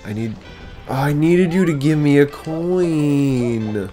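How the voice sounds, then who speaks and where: Man, let's play commentary, lively swooping pitch, unhurried, swears a lot. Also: soft background music. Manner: excitable, frequent swearing, talks to the game. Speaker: gaming channel host.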